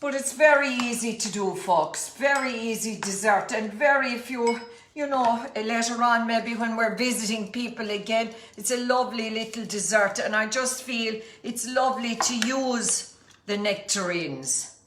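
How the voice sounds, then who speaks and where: A woman's voice: fairly high pitch, a bit bright, slight background noise. A middle-aged Irish woman giving a homely, chatty cooking demonstration in her kitchen, often calling her viewers folks. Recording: echoey kitchen with faint clatter. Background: clinking dishes and cutlery.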